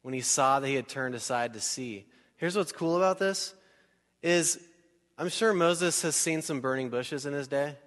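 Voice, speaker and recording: A male pastor preaching a sermon in a church hall. He talks in a conversational, animated way, asks the crowd questions and acts out little scenes. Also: on the high side, moderate pace. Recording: long hall reverb.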